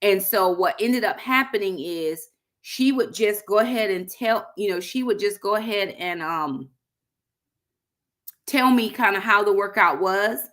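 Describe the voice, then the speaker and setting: A woman's voice: mid-range voice, a little slow, fairly bright tone. A middle-aged woman chatting casually to viewers on a livestream, addressing them as y'all. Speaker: vlogger hosting a livestream.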